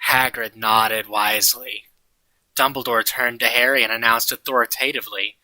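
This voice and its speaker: A man's voice: mid-range voice, steady tone, moderate pace, pushed and bright, dry recording, rough recording. A man reading a story aloud to friends in a sarcastic, mock-earnest way, as the host of the reading. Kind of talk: mocking dramatic reading with friends.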